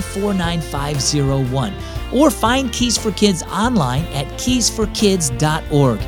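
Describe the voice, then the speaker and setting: A man hosting a children's devotional program, narrating a story in a friendly, encouraging way into a close studio mic. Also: high-pitched. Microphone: studio mic, dry close sound.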